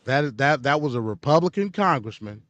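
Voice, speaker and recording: A man's voice: medium pitch, expressive, a little fast, fairly bright tone, no echo, dull audio. A man hosting a casual political commentary show, blunt and opinionated. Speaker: host.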